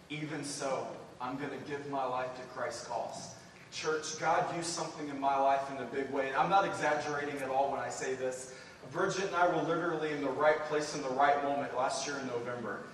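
A man preaching a sermon and telling a mission story, speaking earnestly and building to excited emphasis as he addresses the church. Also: a little high, a little hiss or hum. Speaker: preacher sharing a mission report. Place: church sanctuary. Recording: echoey hall, distant mic.

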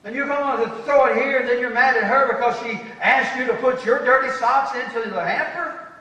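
A man preaching a folksy, emphatic sermon as pastor, slowing down to stress key phrases. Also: extremely high pitch, sharp tone, highs cut off. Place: church sanctuary. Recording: echoey hall from far off.

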